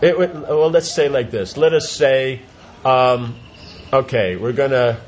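A man's voice: mid-range voice, measured pace. Man explaining with everyday examples. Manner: explains with everyday examples, often asks if it makes sense. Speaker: teacher. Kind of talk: informal class discussion. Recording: dull lo-fi sound with light noise.

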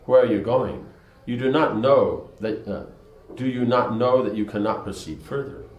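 A man voicing a lazy, ancient male monkey in a story he reads aloud, speaking in a slow, lofty and measured way. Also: medium pitch, roomy sound, slight background noise, lightly acted, rough recording.

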